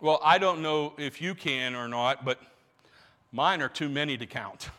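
A male pastor preaching a sermon, animated, stumbling over restarts as he builds his points. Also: fairly high pitch, measured pace, in a large hall.

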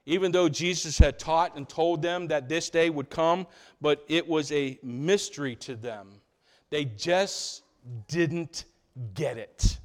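A man preaches to his congregation in a fairly high-pitched voice. He swings between loud, stressed lines and quiet, low passages. He often stops to ask his listeners rhetorical questions. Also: normal speed. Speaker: pastor. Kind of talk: sermon.

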